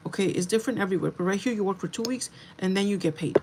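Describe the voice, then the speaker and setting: A young woman livestreaming, telling a story to her viewers in a chatty, animated way, swearing freely and slipping into Spanish. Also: medium pitch, rapid-fire, noisy background. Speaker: livestream host.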